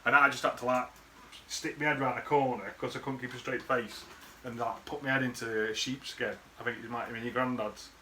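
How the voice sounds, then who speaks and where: Bright-voiced bloke rambling fondly. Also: male voice, mid-range voice, steady tone, brisk, a little hiss or hum. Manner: rambling, sweary, chuckling. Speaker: friend recording a birthday message. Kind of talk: casual rambling reminiscence.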